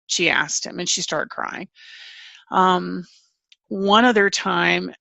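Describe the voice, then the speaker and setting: Low gravelly woman speaking candidly. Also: sharp tone, no echo. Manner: candid, halting, frequent restarts. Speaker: author and family caregiver. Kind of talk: interview answers.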